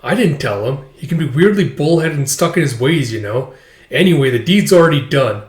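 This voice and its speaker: A man's voice: on the high side, lively intonation, fairly quick, roomy sound, natural voice. A man voicing a callous adult male kidnapper, talking bluntly and dismissively while reading a comic aloud.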